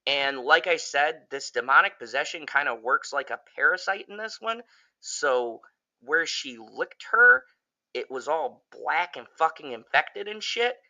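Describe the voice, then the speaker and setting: A man giving a casual, profane, rambling spoken review of a horror movie, getting excitable and jumping up in pitch when he quotes characters. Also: unhurried, muffled recording. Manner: jumps high when quoting characters.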